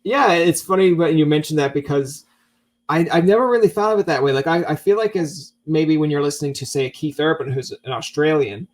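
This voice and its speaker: A man's voice: a little high, fairly quick. A man from Newfoundland hosting a podcast interview, chatting casually and acting out little joking exchanges. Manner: jokey, acts out little quoted exchanges. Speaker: podcast host.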